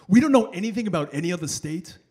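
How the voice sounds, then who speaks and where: A man doing a loud, animated stand-up set in the back room of a bowling alley, working the crowd. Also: high voice, fast talker, a little hiss or hum. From New York. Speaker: stand-up comedian.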